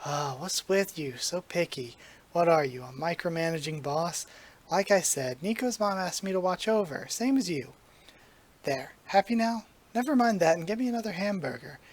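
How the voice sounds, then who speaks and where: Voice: mid-range voice, lively intonation, moderate pace, close to an everyday voice. A brash young male tengu swaggers through his lines with slangy bravado, put on by a reader. He sounds petty and full of himself, delivered like comic dialogue read aloud. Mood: snippy. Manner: cocky, slangy boasting.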